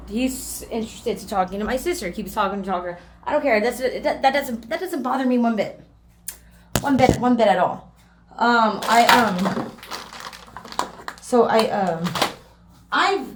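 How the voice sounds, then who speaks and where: A woman's voice: fairly high pitch, slight background noise. A young woman telling a personal story in a casual vlog, rambling with lots of fillers and restarts. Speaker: vlogger. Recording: echoey room.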